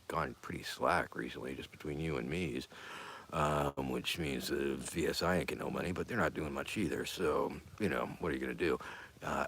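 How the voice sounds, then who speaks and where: A man's voice: very deep voice, a bit bright, slightly rough. A man hosting a casual live-stream show. He rambles in an offhand way, with lots of fillers, and often drops to a mutter or a whisper. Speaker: show host.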